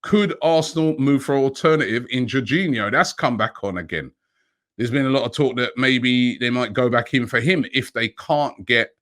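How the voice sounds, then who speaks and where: A man's voice: mid-range voice, fairly bright tone. A middle-aged man hosting a daily football transfer news show, talking to camera in a chatty way, thinking aloud and asking himself rhetorical questions.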